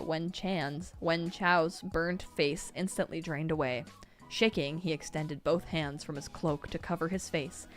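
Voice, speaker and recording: Woman streamer reading a novel out loud, lowish voice, soft music in the back. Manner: expressive reading, breaks into laughter. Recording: faint music behind.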